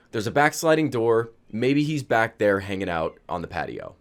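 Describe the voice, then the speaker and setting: A man's voice: medium pitch, sing-song, moderate pace, hardly any pauses. A man telling a funny personal story in a casual vlog, laughing as he goes. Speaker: vlogger.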